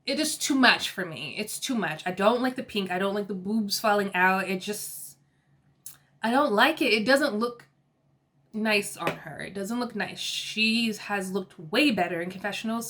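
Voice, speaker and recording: A woman's voice: mid-range voice, a bit bright. A young woman giving a casual, gossipy and opinionated recap of a reality TV episode.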